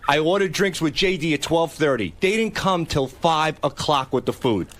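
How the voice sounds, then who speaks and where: Casting: man, high voice, swooping lively delivery, indignant storyteller. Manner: fast, indignant, profane storytelling. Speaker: show regular. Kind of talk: animated storytelling.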